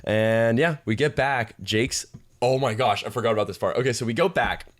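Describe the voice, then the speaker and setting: A young man co-hosting a podcast, telling an animated story in casual chat and acting out the people in it. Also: mid-range voice, moderate pace, no room sound, studio quality. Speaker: podcast co-host. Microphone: podcast microphone.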